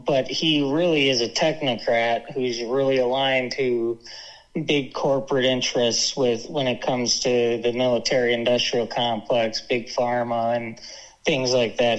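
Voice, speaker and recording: A man of middle pitch speaks hesitantly on a talk radio show, stopping for ums and restarting his sentences. The recording sounds dull and lo-fi. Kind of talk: casual political talk.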